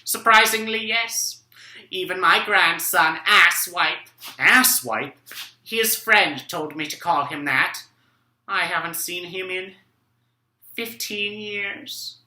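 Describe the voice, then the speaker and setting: A man's voice: high-pitched, expressive, takes it slowly, pushed and bright, echoey room, heavily acted. A young man playing a cheerfully oblivious old male professor who states absurd things matter-of-factly. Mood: deadpan.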